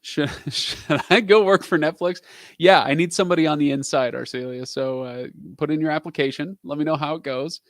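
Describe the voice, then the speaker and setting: A man's voice: on the high side, a little fast, no echo, studio quality. A man in his thirties hosting a casual live stream, answering viewer questions in a rambling, chatty way with lots of fillers.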